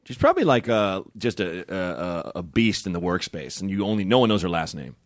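A man's voice: sits low, sing-song, a little fast, dry recording. A man co-hosting a casual comedy podcast in a studio room, goofy and crude as he builds bits. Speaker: podcast co-host.

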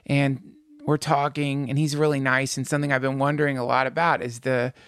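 A man co-hosting a podcast in casual chat, telling stories with jokey, animated riffs. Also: mid-range voice, a little fast, clear, resonant tone. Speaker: podcast co-host.

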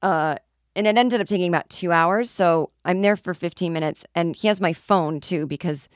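A woman's voice: lowish voice, normal speed, no echo, studio quality. A woman comedian hosting her podcast, telling a rambling, self-deprecating story and swearing casually. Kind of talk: comic storytelling monologue.

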